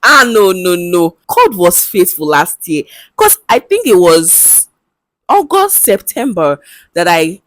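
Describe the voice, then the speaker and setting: A young woman with a Nigerian English accent vlogs casually to camera, her lowish voice sing-song, fairly bright and slow-paced. She's candid and chatty, laughing easily in bursts and dropping local slang, and the recording has no echo.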